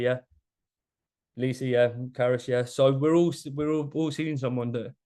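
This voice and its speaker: A man's voice: medium pitch, a little mellow. A young man coaching a group on diet and mindset, talking loosely and casually with many restarts and the odd swear word. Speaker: fitness coach. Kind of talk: live group coaching session.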